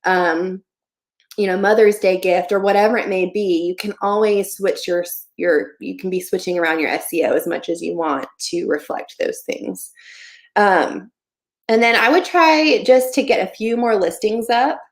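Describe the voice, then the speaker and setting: A woman's voice: medium pitch, moderate pace. A young woman hosting a casual livestream Q&A, chatting in a friendly way and often saying "um" and "like". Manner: chatty, friendly, many fillers like "um" and "like". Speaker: livestream host giving online shop advice.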